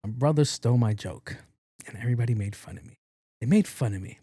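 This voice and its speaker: A young adult man hosting a podcast, telling a comic story in a loose, profane and animated way, often laughing along with himself. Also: medium pitch, fast talker, slightly rough, dry recording, clean studio sound. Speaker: podcast host. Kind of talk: casual comedic storytelling monologue.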